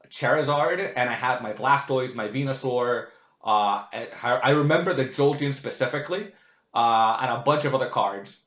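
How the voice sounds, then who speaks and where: This man hosts a casual vlogcast in a medium-pitched, fairly bright voice. His talk is candid, profane and rambling, packed with fillers and restarts. The recording sounds roomy and slightly dull.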